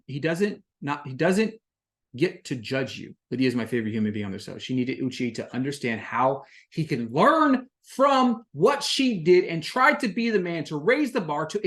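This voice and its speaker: A podcast host talks through a reality-show recap in an easy, casual way, leaning on "like" as a filler. The voice sits in a middle pitch and shoots up, louder and higher, whenever the host gets worked up. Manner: animated and indignant, with frequent "like" fillers; rises sharply in pitch and volume when worked up. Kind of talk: casual solo recap commentary.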